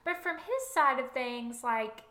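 A woman's voice: sits high, big pitch swings, unhurried, pushed and bright. A young woman co-hosting a podcast in casual book-discussion chat, chatty and laughing often, with fillers. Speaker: podcast co-host.

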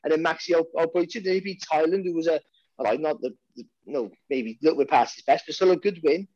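A man's voice: a little high, fast, darkish tone, no echo, muffled recording. A man with a Welsh accent, a boxing commentator chatting casually and restarting his sentences often. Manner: rambling, many restarts and repeated words. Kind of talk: casual podcast chat.

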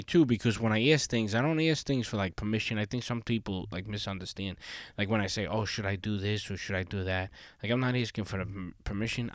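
A man's voice: lowish voice, no room sound, studio quality. Rambling, profane man hosting a solo podcast. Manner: rambling, profane, frequent "like" fillers. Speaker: podcast host. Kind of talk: casual solo podcast monologue.

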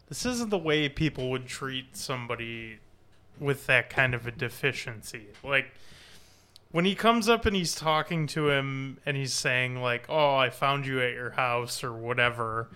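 Bright-voiced, smooth male podcast co-host. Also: medium pitch. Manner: critical, many "like" fillers. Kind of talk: casual chat.

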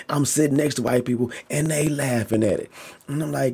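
A man's voice: mid-range voice, brisk, vocal fry, warm tone, breathy edge. A man giving a casual, emphatic opinion rant, repeating himself for stress, using slang and swearing a lot. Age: adult. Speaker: vlogger.

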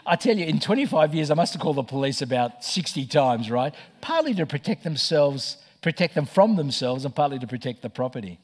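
A middle-aged man preaching a sermon as pastor, telling stories with lively stammered restarts. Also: fairly high pitch, brisk, few pauses. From Australia. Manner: animated storytelling with stammered restarts.

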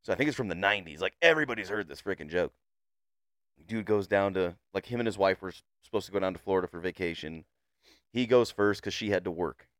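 A man co-hosting a podcast in a casual way, animated and laughing a lot, often stumbling over his words. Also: low voice, quick pace, no room sound, studio quality. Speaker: podcast co-host. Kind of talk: casual chat.

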